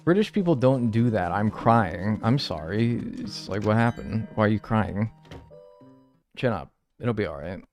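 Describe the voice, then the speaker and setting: Young male streamer, lively swooping delivery, chatty joking banter with chat, faint game music under him. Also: on the low side, unhurried. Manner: animated, joking banter with sudden mock outrage. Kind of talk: casual live-stream chat, reading viewer messages.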